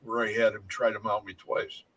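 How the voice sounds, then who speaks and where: A man's voice: lowish voice, level tone, moderate pace, very noisy. A man telling paranormal stories in a casual chat, rambling and restarting his sentences often. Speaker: paranormal investigator.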